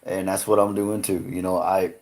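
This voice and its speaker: A man's voice: low-pitched, little pitch movement, moderate pace, a little mellow, a little hiss or hum. A man hosting a casual livestream, chatting loosely with viewers, swearing freely and laughing often. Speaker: livestream host. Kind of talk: casual live-stream chat with viewers.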